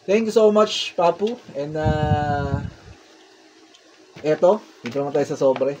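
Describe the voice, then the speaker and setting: A woman with a Filipino accent, unboxing a gift on her vlog, excitable and gushing, switching between English and Tagalog. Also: low voice, unhurried, a little hiss or hum. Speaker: vlogger. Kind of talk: casual unboxing commentary.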